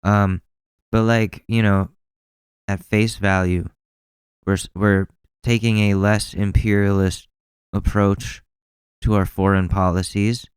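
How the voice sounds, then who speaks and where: A man's voice: lowish voice, level tone, slow pace, long pauses, clean tone, no room sound. A young man hosting a podcast, ranting casually with lots of swearing and exasperated rambling. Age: young adult. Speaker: podcast host. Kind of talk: casual opinionated chat.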